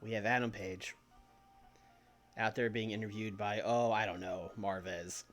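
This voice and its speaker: A man's voice: lowish voice, steady tone, measured pace, a bit bright, soft background music. A young adult man streaming, chatting playfully about a wrestling booking game. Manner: playful, storytelling. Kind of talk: casual game commentary.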